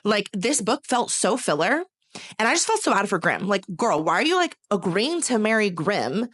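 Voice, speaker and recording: A woman's voice: medium pitch, big pitch swings, normal speed, fairly bright tone, dry recording, studio quality. A young woman from California chatting casually about books she read, rambling with lots of filler words and dramatic gushing and ranting. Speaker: book reviewer. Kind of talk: casual chat.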